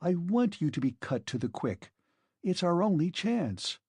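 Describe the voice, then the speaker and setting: A man's voice: high voice, big pitch swings, a little slow, a little mellow, breathy edge, dry recording, clean studio sound, pitched above the performer's own voice, full character voice. A man reading an audiobook, voicing a serious, idealistic woman who speaks firmly and fervently. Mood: reproachful. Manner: firm, fervent.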